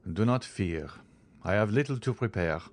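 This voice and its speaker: A man voicing a composed, mysterious aristocratic count in an audiobook, speaking in a measured, courteous way. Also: on the low side, lively intonation, natural voice. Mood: calm. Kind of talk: audiobook character reading.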